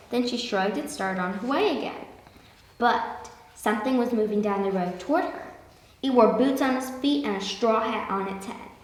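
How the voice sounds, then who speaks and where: A woman reading a children's picture book aloud in a lively way, slowing down for emphasis. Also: a little high. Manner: lively, with slowed emphatic passages. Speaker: storyteller. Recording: echoey room with long reverb.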